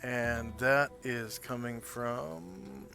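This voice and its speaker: A man narrating a tabletop game as game master, describing scenes in an unhurried, loosely improvised way. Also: medium pitch, gravelly, bright, forceful tone, faint music behind.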